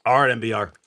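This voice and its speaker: A young man speaks with a sharp tone at a medium pitch as he opens card packs during a live stream. He chats and jokes in a rambling way, quickly reading out the names of the cards as lists.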